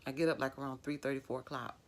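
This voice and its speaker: A woman's voice: very deep voice, fairly even intonation, racing. A middle-aged woman, telling a personal story in a vlog, emotional and rambling with many fillers. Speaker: vlogger.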